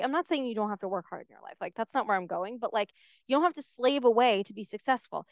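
A woman's voice: on the high side, quick pace, dry recording, clean studio sound. A woman hosting her own podcast, talking candidly and animatedly in a casual solo monologue and often saying "like". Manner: candid and animated, heavy use of "like". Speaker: podcast host.

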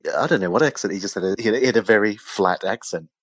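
Low husky guy on a podcast, trivia-minded, dull muffled mic. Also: a bit bright, no room sound. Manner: chatty, trivia-minded, quick asides. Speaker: podcast co-host. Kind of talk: casual chat about old British TV.

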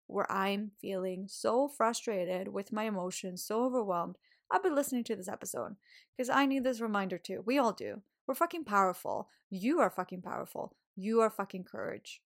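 Casual woman podcast host, pep-talk monologue, salty language, mid pitch. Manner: swears often, laughs, animated and encouraging.

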